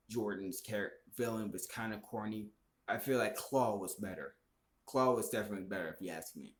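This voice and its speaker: Profane ranting man in echoey room. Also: on the low side. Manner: profane, heated, rambling. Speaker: vlogger. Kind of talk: casual opinion rant.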